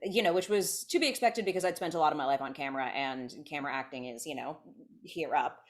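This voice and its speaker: A woman's voice: deep voice, quick pace. A woman from California in her thirties, a podcast guest chatting casually and often restarting her sentences. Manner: chatty, self-interrupting, many restarts. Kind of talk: casual conversation.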